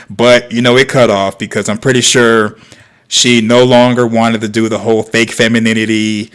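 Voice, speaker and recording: A man's voice: mid-range voice, flat delivery, moderate pace, clear, resonant tone. A man hosting a livestream, reacting to clips with sarcastic, lecturing commentary. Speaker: host.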